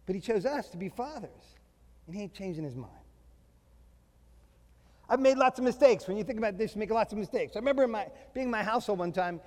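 A middle-aged man preaching a sermon to fathers. He is emphatic, slows down to stress key phrases and mixes in humorous family stories. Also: high-pitched, lively intonation, darkish tone. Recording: long reverb of a large hall.

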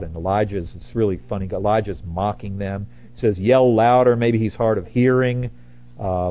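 An older man preaching a sermon in a relaxed, rambling way, correcting himself and adding asides. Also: lowish voice. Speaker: pastor. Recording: tinny phone-like audio.

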